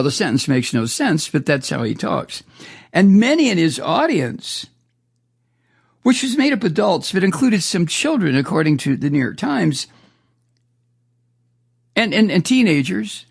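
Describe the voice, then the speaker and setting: A man's voice: high voice, vocal fry, husky. A male talk radio host delivering a profane, indignant political monologue, stumbling and repeating words as he goes.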